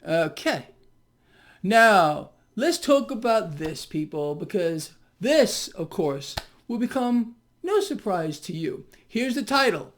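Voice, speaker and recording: A man's voice: high-pitched, sing-song, slow, a bit bright. A man giving solo financial commentary in a mocking, sarcastic tone, often breaking into exclamations.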